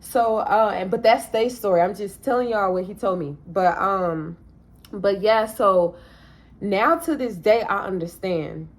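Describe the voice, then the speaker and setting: A woman's voice: mid-range voice, measured pace. A mother speaking candidly to her viewers about her past, talking directly to them in a casual, plainspoken way. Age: adult parent. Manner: earnest, addresses viewers directly as y'all. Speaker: vlogger sharing a personal testimony. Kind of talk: candid personal storytelling.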